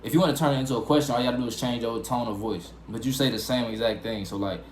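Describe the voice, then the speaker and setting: A man's voice: medium pitch, steady tone, rapid-fire, darkish tone, echoey room, slight background noise. A man hosting a reaction video, chatting casually and thinking aloud as he reacts.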